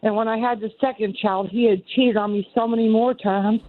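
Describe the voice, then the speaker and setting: A woman in her sixties with a Southern US accent talks through a tinny phone line. Her voice sits fairly high for a woman. She rambles earnestly and circles back over her own words, with a dry, close sound. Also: steady tone, brisk, dry recording. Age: 60s. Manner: rambling, earnest, repeats herself. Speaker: caller. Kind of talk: call-in radio talk. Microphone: telephone.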